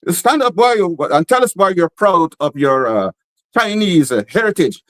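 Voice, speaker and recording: A stern male schoolteacher with a Guyanese lilt barks out questions and commands to his class, his voice pitched high and sharp. A man acts him out. He sounds strict and used to being obeyed. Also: very animated, normal speed, dry recording, studio quality. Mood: questioning.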